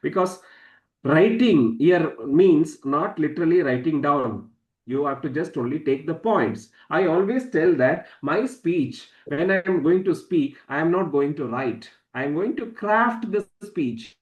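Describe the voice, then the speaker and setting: A man with a fairly high voice teaches an online class, his sound bouncing around an echoey room. He leans hard on key words, repeats them for emphasis, and swings his pitch up and down on purpose to make his point. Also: expressive, unhurried, muffled recording. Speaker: public speaking trainer. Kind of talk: online masterclass lecture.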